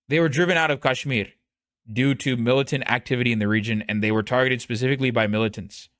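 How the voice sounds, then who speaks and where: A man streaming and telling a story in casual commentary, animated, profane and rambling. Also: medium pitch, no echo, studio quality.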